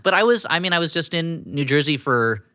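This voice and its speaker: A man's voice: fairly high pitch, expressive, a little fast, sharp tone, smooth, dry recording. A man co-hosting a podcast in casual, rambling, self-deprecating comedic chat. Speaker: podcast co-host.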